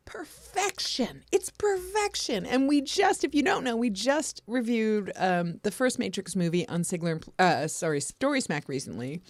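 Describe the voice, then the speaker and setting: Lively, enthusiastic woman co-host. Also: fairly low pitch, no room sound. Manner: enthusiastic, laughs often. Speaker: podcast co-host. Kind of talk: casual livestream chat.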